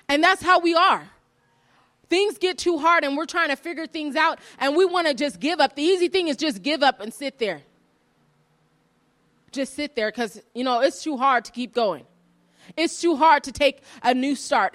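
A woman's voice: high voice, normal speed, fairly bright tone. A young adult woman from the Pacific Northwest of the US giving an earnest devotional message, telling a personal story and asking rhetorical questions. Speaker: preacher.

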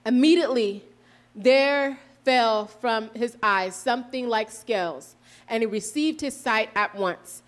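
Earnest woman preaching, fairly high voice. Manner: earnest, slows down for emphasis, corrects herself. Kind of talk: sermon with scripture reading.

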